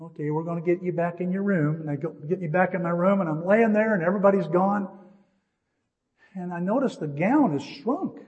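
A middle-aged man preaching a sermon, telling a personal story in an animated way with jokey asides. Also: sits high, brisk, long reverb tail, muffled recording. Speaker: pastor.

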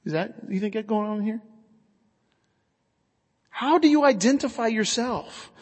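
A man with a high voice preaches a sermon, earnest and conversational, asking his listeners questions as he goes. His voice rings out with a long reverb, as if filling a large hall. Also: lively intonation, measured pace, husky. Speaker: pastor.

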